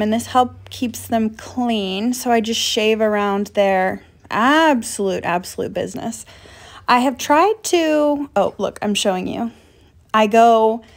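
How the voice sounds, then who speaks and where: Wry, joking young woman vlogger. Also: mid-range voice. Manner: wry, deadpan jokes with sudden excited rises. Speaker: pet vlogger. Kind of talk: casual voice-over tutorial.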